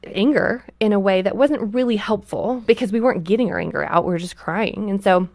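A woman's voice: medium pitch, brisk, gravelly, darkish tone, no echo. Earnest woman with a dry close sound. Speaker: guest, parent. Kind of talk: casual radio talk.

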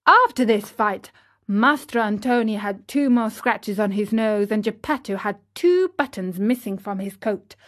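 Slow, expressive woman storyteller. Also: mid-range voice. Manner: measured, expressive. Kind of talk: scripted storybook narration for children.

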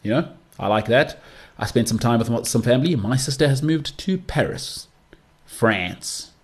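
A man's voice: mid-range voice, animated, normal speed. A young man hosting a solo podcast, talking in a chatty, rambling way with mocking asides. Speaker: podcast host.

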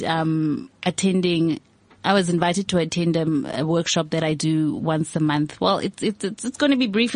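Soft-spoken lower-voiced woman facilitator. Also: no room sound. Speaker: discussion facilitator. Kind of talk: reflective group discussion.

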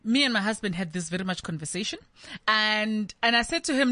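A South African woman co-hosting a relaxed talk show. She speaks in a mid-range voice, outspoken and quick to laugh. The sound is dry and close, with no room around it. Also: medium pitch, no room sound. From South Africa, Free State. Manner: lively, outspoken, laughs often. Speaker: co-host. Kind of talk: casual chat.

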